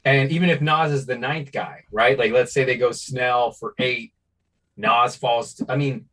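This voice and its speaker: A man's voice: medium pitch, steady tone, unhurried, fairly bright tone. A man co-hosting a casual sports podcast, talking in a laid-back, rambling way. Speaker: podcast co-host.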